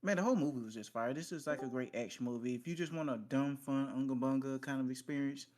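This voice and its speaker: A man reviewing a film in a casual podcast chat, laid-back and measured. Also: medium pitch, a little mellow. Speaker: podcast co-host.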